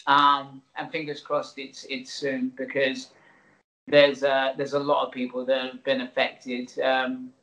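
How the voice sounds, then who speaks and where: Bright-voiced man on a video call. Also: medium pitch, completely flat delivery, unhurried, roomy sound, poor audio. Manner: chatty, restarts a lot, laughs often. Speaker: musician and theatre performer, guest. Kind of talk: casual interview chat.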